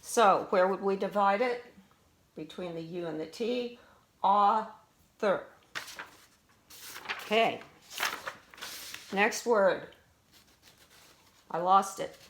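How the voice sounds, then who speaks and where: A middle-aged woman teaches a spelling lesson to students, speaking slowly and patiently at a medium pitch. She defines each word and asks questions along the way, with slight noise in the background.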